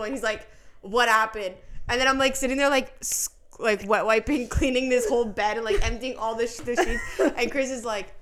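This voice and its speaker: A young woman with a fairly high voice tells a story about her baby to her co-hosts. Her talk is loose and casual, full of fillers, swearing and laughter. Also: steady tone, a little fast, a bit bright, a little hiss or hum. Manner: swearing, lots of fillers, laughing while telling. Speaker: podcast co-host, mother.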